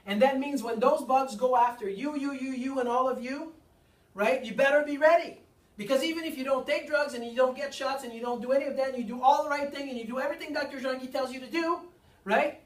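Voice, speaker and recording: Emphatic chiropractor lecturing in an echoey room. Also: male voice, extremely high pitch, fast. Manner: emphatic, repetitive, with rhetorical questions. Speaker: chiropractor giving a health seminar. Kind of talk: seminar lecture to a live audience. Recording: echoey room, mic far off.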